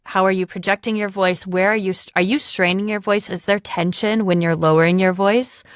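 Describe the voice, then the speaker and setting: A woman's voice: medium pitch, fairly even intonation, fairly quick, clear, resonant tone, dry recording, clean studio sound. A woman, a speech therapist and podcast co-host, who talks in a loose, chatty way with lots of fillers. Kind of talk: casual chat.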